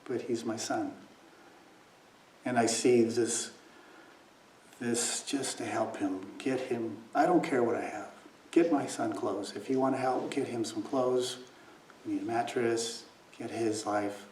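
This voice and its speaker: A man with a medium-pitched, slightly mellow voice speaks a little slowly as he gives a dharma talk in a meditation hall. As a meditation teacher, he tells a personal story, voices the people he quotes, and at times sinks to near whispers. The recording is echoey, with a distant mic and faint noise.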